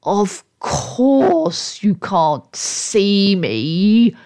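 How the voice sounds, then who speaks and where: A woman's voice: high-pitched, lively intonation, normal speed, voice pushed up. A woman voicing a rude, impatient invisible doorkeeper who mocks and snaps at visitors. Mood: scornful. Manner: impatient, mocking, abrupt. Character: rude, scornful invisible doorkeeper behind a door.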